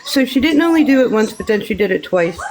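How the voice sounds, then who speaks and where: A woman's voice: a little high, sing-song, fast talker, darkish tone, slight background noise, poor audio. Defensive woman on a livestream. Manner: defensive, rambling, laughs between points. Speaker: livestream participant. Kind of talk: heated casual chat on a group livestream.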